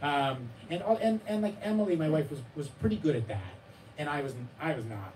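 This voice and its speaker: A man's voice: fairly high pitch, lively intonation, brisk, a little mellow, slight background noise. A man at a live bookstore event talking about his memoir, rambling and self-deprecating, with many restarts and fillers, often acting out the voices of others with a laugh. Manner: acts out his child's and readers' voices with laughs. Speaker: author discussing his memoir. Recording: distant mic with room ambience.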